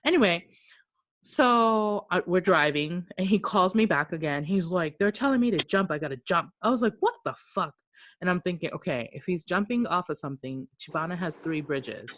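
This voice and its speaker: A woman co-hosting a podcast, telling a long story in a casual way. She is animated, acts out what people said, and swears freely. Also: fairly low pitch, moderate pace, dry recording. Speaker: podcast co-host.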